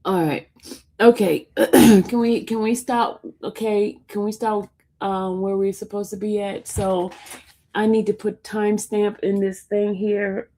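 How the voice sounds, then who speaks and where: Laughing, slow-talking woman on a livestream. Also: mid-range voice, level tone, mellow. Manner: laughing often, teasing the chat. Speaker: livestream host reading chat. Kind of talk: casual livestream chat.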